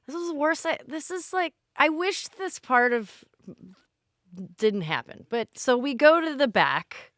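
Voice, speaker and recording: A woman's voice: high-pitched, lively intonation, measured pace, fairly bright tone, no room sound, clean studio sound. A woman, co-hosting a podcast and telling a rambling, candid story with self-deprecating asides. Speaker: podcast co-host. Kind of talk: casual storytelling chat.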